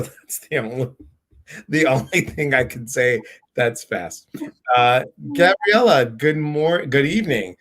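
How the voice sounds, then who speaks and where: A man hosting a live stream, excitedly welcoming viewers by name in a casual, bubbly way. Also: medium pitch, measured pace.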